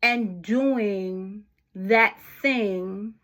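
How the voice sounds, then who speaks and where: Slow-talking woman giving a gentle pep talk. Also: mid-range voice. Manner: unhurried, conversational, asks the listener questions. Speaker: vlogger. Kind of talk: casual motivational talk to camera.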